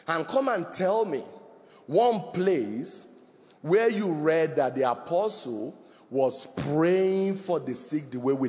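A middle-aged male pastor preaching a sermon, rising to emphatic shouts and dropping to a hush, in a church hall. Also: high-pitched. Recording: long echo of a large hall.

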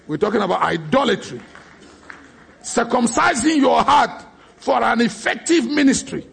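Raspy, gravelly-voiced preacher man. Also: extremely high pitch, sing-song, unhurried. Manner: emphatic, storytelling preacher who bursts into shouts. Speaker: pastor. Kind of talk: sermon.

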